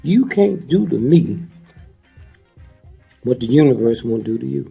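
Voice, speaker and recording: A man's voice: medium pitch, lively intonation, unhurried, vocal fry, warm tone, dull audio, faint music behind. A man in his eighties talking to a live audience in a preachy, joking way, keeps prodding the crowd with "huh?" and "hmm?". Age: 80s. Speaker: speaker addressing a live audience.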